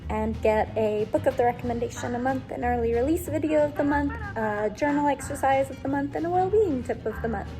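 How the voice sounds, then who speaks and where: A woman's voice: high-pitched, fairly quick, few pauses, over music. A woman closing her video with a breezy, friendly sign-off to viewers. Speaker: channel host. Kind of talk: casual video outro.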